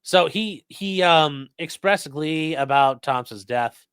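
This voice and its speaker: A man's voice: a little high, expressive, takes it slowly, a bit bright, clean tone, no room sound. A man hosting a true crime livestream, reading court papers aloud with sarcastic, profane asides. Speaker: host.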